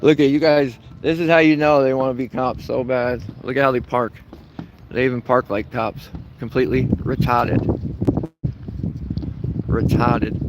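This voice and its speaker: A man filming himself outdoors in a parking lot, mocking people and shouting slogans as he walks. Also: medium pitch, fairly even intonation, unhurried, slight background noise, poor audio. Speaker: protester filming a vlog. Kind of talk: casual outdoor protest vlog.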